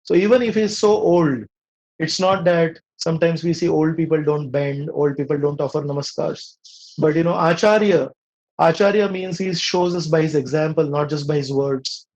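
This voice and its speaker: A man's voice: on the high side, normal speed, darkish tone, dull audio. A man with an Indian accent teaching a scripture class in a conversational way, often asking his listeners rhetorical questions.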